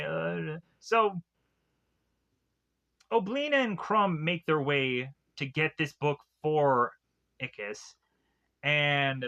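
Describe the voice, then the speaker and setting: Rambling man with a bright voice. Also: fairly high pitch, highs cut off. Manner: rambling, heavy filler words. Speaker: cartoon reviewer. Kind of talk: casual episode recap.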